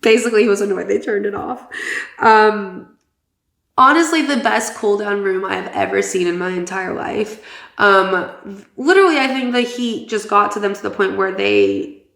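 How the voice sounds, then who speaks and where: Gravelly-voiced gossipy woman podcast host. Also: mid-range voice, moderate pace, fairly bright tone. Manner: chatty and gossipy, swears, many fillers. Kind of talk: casual chat. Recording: roomy echo.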